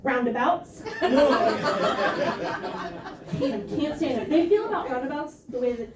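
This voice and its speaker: A young woman performing a stand-up comedy set in a club, with a deadpan, self-deprecating way of telling stories. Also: high voice, a little fast. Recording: roomy club sound from a distance, with crowd noise.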